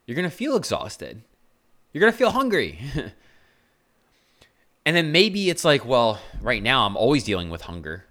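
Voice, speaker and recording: In this podcast clip, a young man runs through an informal pep-talk monologue, earnest and blunt, in what he calls an aggressive tone. He has a mid-range, slightly bright voice.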